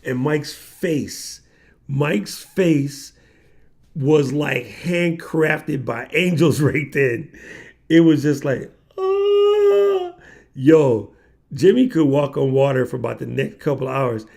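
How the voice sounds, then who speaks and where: Man, livestream host, gravelly voice, middle pitch, casual slangy storytelling. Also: slow. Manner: animated slangy storyteller, acts out quoted voices.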